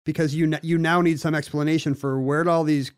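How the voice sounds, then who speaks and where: A man's voice: on the high side, flat delivery, fast talker, smooth, dry recording. Rambling man, dry close sound. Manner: rambling, explains at length with many "you know" fillers and restarts. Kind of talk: casual conversational podcast chat.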